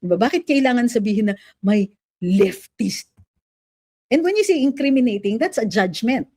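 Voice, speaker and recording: A middle-aged woman with a Filipino accent speaks in a fairly high yet mellow voice, recorded close and dry. She delivers her political commentary as a lawyer, switching between Filipino and English with animated, opinionated emphasis. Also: moderate pace, dry recording. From Philippines.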